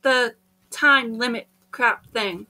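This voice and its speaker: A chatty, giggly young woman hosts a casual let's-play with a friend. Her voice is high and bright. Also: slow pace. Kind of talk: casual gameplay chat.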